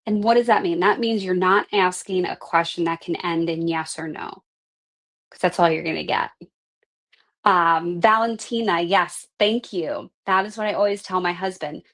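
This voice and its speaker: A woman's voice: fairly low pitch, moderate pace, a bit bright. A middle-aged woman life coach teaching a live class, earnest and conversational, often tagging her points with "right?". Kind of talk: live online class talk.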